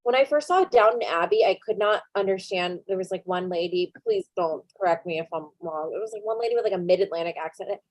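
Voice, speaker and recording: A woman's voice: fairly low pitch, fast, hardly any pauses, no room sound. A woman hosting a podcast in casual chat, joking and asking playful questions. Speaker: podcast host.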